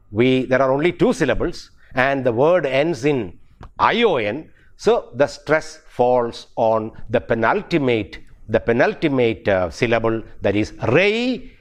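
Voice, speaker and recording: A man's voice: mid-range voice, big pitch swings, a little slow. A middle-aged man with an Indian English accent teaching pronunciation, spelling words out letter by letter and repeating key words. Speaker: university English professor. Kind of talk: pronunciation lecture.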